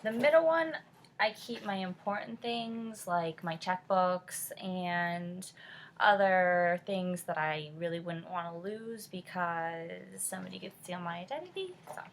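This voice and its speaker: A woman's voice: lowish voice, animated, a little slow, a little hiss or hum. A woman in her twenties from California, with a Californian accent tinged by New England, chatting casually with lots of fillers. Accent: Californian with a touch of New England. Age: 20s. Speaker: vlogger. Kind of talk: casual chat.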